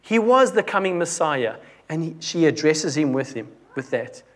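Big pitch swings mark this young adult man's slightly high, fairly bright voice, delivered at normal speed. His sermon is conversational, full of restarts, and he often drops his volume dramatically to stress something.

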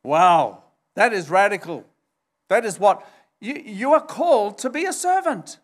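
A man delivering a sermon in a high, light voice at an unhurried, measured pace. He leans on key words, pushing up into sharp exclamations, and acts out the quoted lines with extra lift. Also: expressive. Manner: emphatic, rising to high exclamations for stress; acts out quoted dialogue in a raised voice. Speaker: pastor.

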